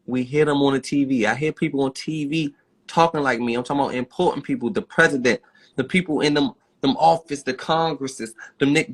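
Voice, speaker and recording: A man with a Baltimore accent ranting bluntly and profanely on a phone livestream. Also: mid-range voice. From Baltimore, USA.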